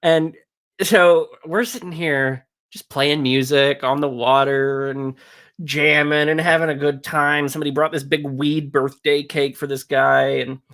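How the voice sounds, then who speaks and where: A man's voice: a little high, fairly even intonation, unhurried, fairly bright tone. Laid-back man telling a rambling story. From Canada. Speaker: guest musician. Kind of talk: casual storytelling chat.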